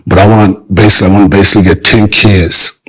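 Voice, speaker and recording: An older man talking as a guest in a casual interview, rambling with halting restarts and repeated phrases. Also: lowish voice, steady tone, slightly rough, rough recording.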